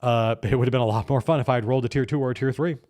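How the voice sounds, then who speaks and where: A middle-aged man recounts a tabletop game session he ran, speaking as a game master. His telling is casual and excited, full of false starts and the odd curse, as he gushes about how the night went. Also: mid-range voice, racing. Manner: excited, animated storytelling with restarts and profanity. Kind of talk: casual campaign diary monologue.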